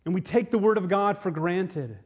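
Man preaching, fairly high voice, storytelling sermon, animated with restarts. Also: moderate pace, husky. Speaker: pastor.

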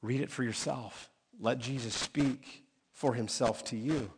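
A man preaching a sermon as pastor, conversational and direct with his congregation, swinging from emphatic peaks to quiet asides. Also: medium pitch, steady tone, measured pace, slight background noise.

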